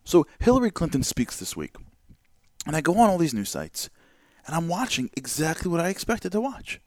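A man hosting a talk show, giving an animated monologue full of rhetorical questions and repeated words. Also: a little high, moderate pace, no echo, studio quality. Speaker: host.

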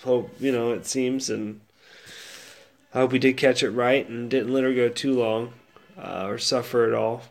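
A man hosting his own show, rambling casually with lots of fillers and restarts, sounding sad and subdued. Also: mid-range voice. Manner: rambling, laid-back with many fillers and restarts. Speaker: podcast host. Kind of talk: casual solo monologue.

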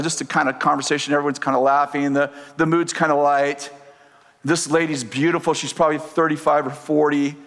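A man preaching a sermon, telling a story with animated delivery, acting out the dialogue and laughing often. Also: a little high, vocal fry, long reverb tail.

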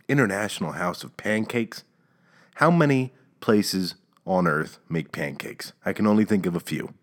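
A man with a very low, deep voice rambles through his solo podcast. He talks casually and sarcastically, stumbling over restarts and slipping into mock outrage. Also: animated, normal speed. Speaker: podcast host.

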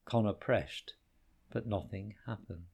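Male storyteller, children's story, expressive, lively pitch. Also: takes it slowly, creaky, breathy edge, muffled recording. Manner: expressive, varied storyteller delivery.

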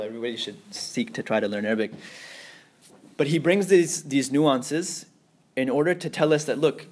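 A man teaching an Islamic lecture to a class, explaining step by step, mixing in Arabic phrases and checking that students follow. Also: a little high. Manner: explains slowly, asks class if they understand; mixes in Arabic terms and phrases.

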